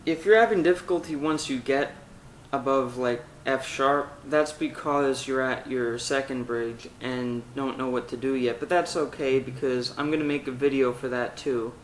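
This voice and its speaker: A man's voice: medium pitch, fairly even intonation, normal speed, few pauses, echoey room, slight background noise, low-quality recording. A man teaching a vocal technique lesson, talking through exercises step by step. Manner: demonstrates exercises with loud sung vowels and meows. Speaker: singing teacher.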